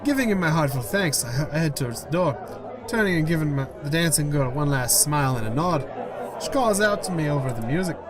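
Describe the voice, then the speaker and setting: A man's voice: on the high side, expressive, a little fast, a crowd in the background. A man hosting a gaming video, reading a story game aloud with stumbles, restarts and side comments.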